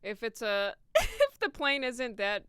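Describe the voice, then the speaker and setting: A woman's voice: on the high side, wildly swooping pitch, slow pace, fairly bright tone, smooth, no echo, clean studio sound. A woman in her thirties, a comedian guest on a podcast, chatting casually with a laid-back, chuckly manner. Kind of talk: casual chat.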